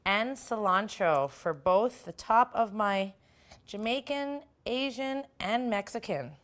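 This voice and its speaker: She speaks a little slowly, with an expressive, medium-pitched, somewhat bright voice. The woman hosts a cooking show, keeping up cheerful chatter as she works on a recipe in a casual demonstration.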